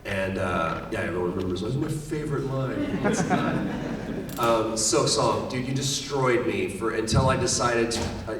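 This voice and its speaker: A man's voice: medium pitch, lively intonation, normal speed. A middle-aged man speaking as a voice actor guest on a convention panel. He tells stories with energy and acts out quoted lines. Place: large convention hall. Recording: echoey hall, distant mic, faint noise.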